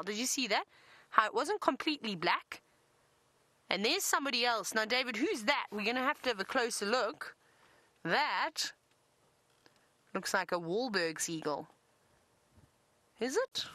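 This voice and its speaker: A woman's voice: medium pitch, sharp tone, dry recording, rough recording. A woman presenting a live safari drive, chatty and enthusiastic, talking from an open vehicle in the wind. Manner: chatty, enthusiastic, self-deprecating.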